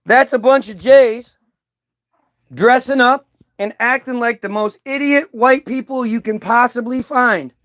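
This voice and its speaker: A man's voice: extremely high pitch, measured pace, a bit bright. Heated, rambling man ranting to camera. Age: adult, old enough to recall early-2000s hits. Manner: profane, heated, frequent restarts and trailing asides. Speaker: video commentator. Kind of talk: rambling off-the-cuff monologue.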